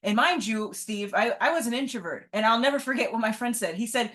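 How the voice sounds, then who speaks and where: An entrepreneur appears as a guest on an interview podcast, a woman speaking earnestly in casual conversation and often tagging her points with "right?" Her voice is a little high and a bit bright, animated and slightly fast, with few pauses.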